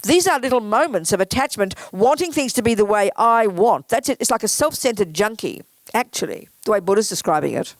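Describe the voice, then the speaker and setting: A woman's voice: medium pitch, expressive, brisk, dry recording. A woman giving a frank, emphatic Buddhist teaching in a casual, conversational way. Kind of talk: casual dharma talk.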